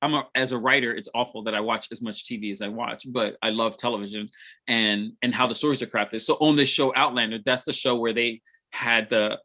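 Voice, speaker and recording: A man's voice: mid-range voice, steady tone, fairly quick, sharp tone. A man chatting casually on a livestream, rambling with many restarts and frequent laughs. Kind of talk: casual chat.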